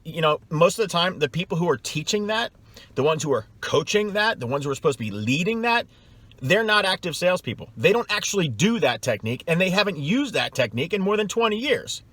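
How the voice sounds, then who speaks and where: A middle-aged man whose voice sits on the high side and sounds a bit bright lectures salespeople in a blunt advice vlog. His scornful, emphatic delivery leans on repetition to pound his points in.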